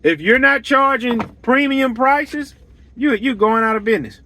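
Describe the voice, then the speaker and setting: A man's voice: extremely high pitch, expressive, a little slow, sharp tone, slight background noise. A man who runs a lawn care business, giving blunt, emphatic advice on pricing and repeating his points to drive them home. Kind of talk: straight-talking business advice monologue.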